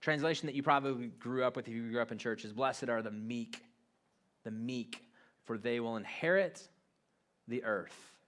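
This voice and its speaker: A man preaching a sermon to a church congregation. His voice sits at an ordinary middle pitch, and he talks in a loose, conversational way rather than a formal one, as if chatting with the people in front of him. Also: moderate pace, fairly bright tone. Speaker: pastor. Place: church auditorium.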